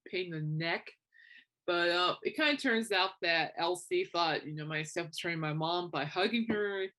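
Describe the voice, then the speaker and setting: Young woman podcaster, casual chatty storytelling, a bit low-pitched. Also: moderate pace. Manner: chatty storytelling with animated quoted asides. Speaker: podcast host. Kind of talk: casual chat.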